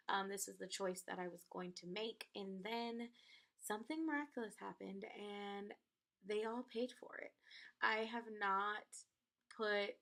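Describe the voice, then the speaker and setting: A young woman vlogger telling stories in a casual, animated chat to the camera. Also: medium pitch. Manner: animated storytelling, acts out quoted people.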